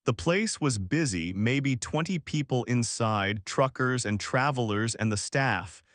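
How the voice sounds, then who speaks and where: A male narrator reads a first-person horror tale in an unhurried, deliberate voice of middling pitch. The recording is dry and close, with no room sound around him. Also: animated, fairly bright tone, no room sound. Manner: slow, measured storytelling delivery. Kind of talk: scripted horror story narration.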